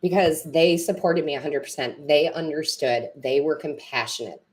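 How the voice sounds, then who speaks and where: A woman's voice: low voice, moderate pace. A woman tarot reader and medium chatting with viewers on a live stream, rambling and correcting herself, teary and emotional.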